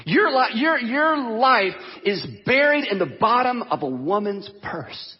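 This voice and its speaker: A man preaching a sermon in an animated, conversational way, acting out the quotes as he goes. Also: extremely high pitch, slow, slightly rough, big-room sound, lo-fi sound. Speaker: pastor.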